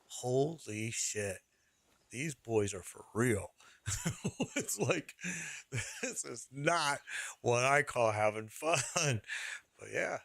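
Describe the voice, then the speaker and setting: Man, middle-aged, gravelly, dry close sound, casual rambling storytelling on stream. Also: mid-range voice, fairly bright tone, no echo. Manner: rambling, repeats phrases, laughs through the story.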